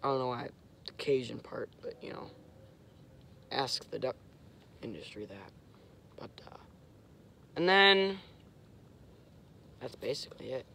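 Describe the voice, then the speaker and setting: A young man casually explaining hunting call technique, halting and searching for words, with short clipped demonstration sounds. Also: medium pitch, creaky, slight background noise. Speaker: host. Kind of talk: casual instructional talk.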